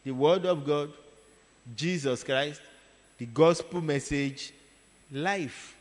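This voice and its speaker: A man preaching a sermon, telling a story in an animated way and repeating words for emphasis. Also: on the high side, slow pace. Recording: long hall reverb.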